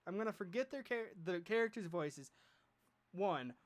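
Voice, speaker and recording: A man's voice: sits high, lively intonation, moderate pace. A man hosting a casual podcast chat, rambling and joking with plenty of fillers. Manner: rambling, jokey, lots of fillers. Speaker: podcast host.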